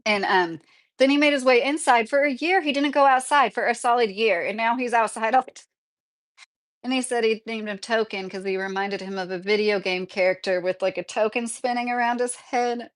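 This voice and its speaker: Chatty woman streamer, slightly high voice. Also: brisk. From Kentucky, USA. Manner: chatty, laughs often, reads chat messages aloud. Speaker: YouTuber live streaming. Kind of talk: casual live stream chat.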